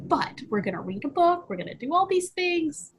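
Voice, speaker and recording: A woman's voice: extremely high pitch, big pitch swings, normal speed, a little hiss or hum. A woman in her thirties, a guest in a casual interview, talking in a chatty way, often laughing and saying "you know". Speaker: guest, VFX artist.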